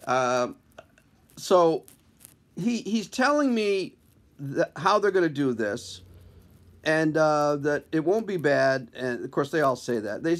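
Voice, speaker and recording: Brief: male comedian, self-deprecating storyteller, slightly high voice, casual. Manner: wry, conversational, self-deprecating. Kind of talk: comic personal storytelling to camera.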